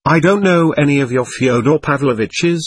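A man voicing a drunk, sly peasant who speaks thickly and insolently, in a husky voice. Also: on the high side, moderate pace, no echo. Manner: slurred, calm and insolent.

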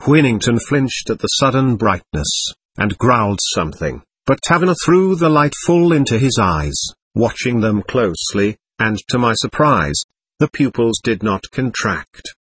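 A male audiobook narrator reads in the first person with expressive storytelling. His voice is husky and moves widely in pitch. The recording is close and dry. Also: measured pace, no room sound.

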